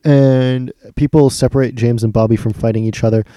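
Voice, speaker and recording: A young man co-hosting a podcast, casually recapping a TV episode with deadpan teasing. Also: medium pitch, brisk, no room sound, muffled recording. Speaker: podcast co-host.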